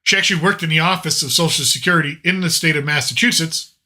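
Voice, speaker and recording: Casting: American male host, very bright, edgy voice, rambling anecdotal delivery. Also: fairly high pitch, fast talker. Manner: rambling anecdotal, frequent restarts and quoted dialogue. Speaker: podcast host. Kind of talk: casual storytelling chat.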